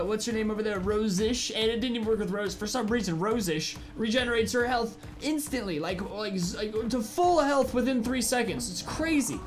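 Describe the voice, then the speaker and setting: A man giving excited gameplay commentary as a gaming video host, animated, with crude jokes and sudden yells. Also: sits high. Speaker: gaming YouTuber.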